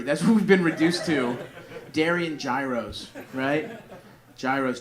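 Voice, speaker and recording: A man's voice: on the high side, unhurried, very noisy. A male stand-up comedian doing crude, rambling crowd work and laughing through his own jokes. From Greek family. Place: comedy club with audience. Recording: live club recording with crowd.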